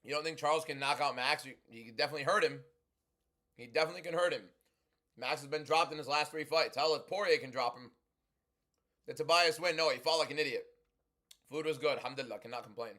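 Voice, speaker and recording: A young man hosting a livestream, talking loudly and chatting casually as he reads and answers viewer comments. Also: fairly high pitch, fast, long pauses. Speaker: livestream host.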